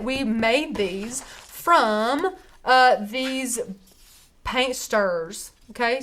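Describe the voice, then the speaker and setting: A woman's voice: on the high side, a bit bright. A young woman with a Southern US accent, chatting casually and upbeat while demonstrating a craft project on a livestream. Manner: chatty, upbeat, laughs often.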